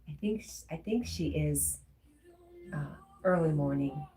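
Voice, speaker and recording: A woman hosting a casual livestream, reading viewers' comments aloud and answering them. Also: deep voice. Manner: warm, reads chat comments aloud, gets emotional. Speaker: livestream host reading chat.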